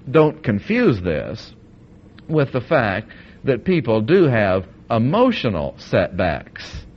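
A man preaching a sermon with emphatic repetition, swinging between loud stresses and quiet asides. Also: medium pitch. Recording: dull lo-fi old tape recording.

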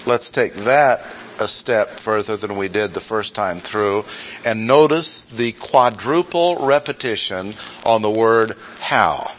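A man's voice: fairly low pitch, slow, slight background noise, poor audio. A man teaching through a Bible chapter in a sermon, reading verses aloud and stressing key words. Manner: reads scripture aloud, self-correcting asides. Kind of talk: expository sermon.

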